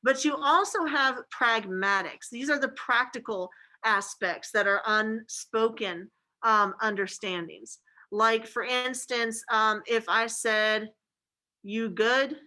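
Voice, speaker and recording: A woman teaching a class in a loose, conversational way, dropping frequent "okay"s and "like"s as she explains. Her voice sits a bit high and sounds bright and forward. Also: takes it slowly, rough recording. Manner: casual and chatty, many fillers like "like" and "okay". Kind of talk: classroom lecture.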